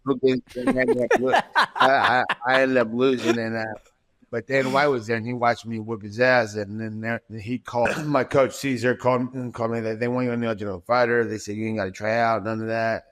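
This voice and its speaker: A man's voice: medium pitch, fairly even intonation, fairly quick, fairly bright tone. A man, a podcast guest and fighter, telling a long story in casual, profane talk. He acts out quoted dialogue and often restarts his sentences.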